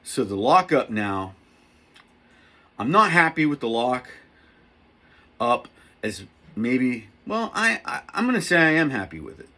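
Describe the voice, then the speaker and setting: A middle-aged man talking casually to camera as a knife reviewer, rambling and excitable, poking fun at himself. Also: mid-range voice, measured pace, long pauses. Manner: rambling, excitable, self-mocking.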